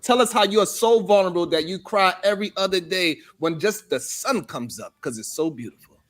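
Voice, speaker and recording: A man's voice: sits high, expressive, fairly quick, a bit bright. A man hosting a casual live-stream panel chat over a video call, playful and teasing, laughing often. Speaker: talk show host.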